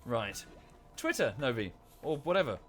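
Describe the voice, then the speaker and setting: A man narrates his colony game live for his stream, drifting between remarks to viewers and orders to the little characters. His talk is loose and chatty, full of restarts, at an ordinary middle pitch. Faint music plays behind him. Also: very animated, normal speed, fairly bright tone. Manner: rambling, self-correcting, talks to viewers and the game characters. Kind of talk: casual game-stream commentary. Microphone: desk microphone.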